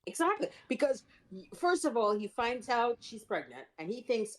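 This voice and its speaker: A woman co-hosting a casual recap podcast, reacting in an emphatic, expressive way. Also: on the high side, moderate pace, low-quality recording. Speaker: podcast co-host.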